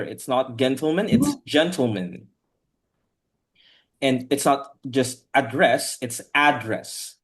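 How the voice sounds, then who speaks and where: A man teaching an online English class over a video call, patiently correcting his students' pronunciation word by word. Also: on the high side.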